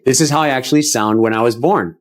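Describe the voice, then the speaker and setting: A man's voice: mid-range voice, fast. A man who sounds like a voice coach, talking confidently in an instructional clip and explaining each step.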